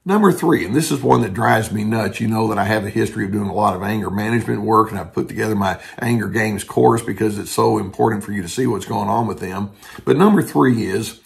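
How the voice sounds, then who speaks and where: A man's voice: mid-range voice, normal speed, creaky. An older man, a therapist, explaining in an earnest talking-head style and briefly quoting others as he goes.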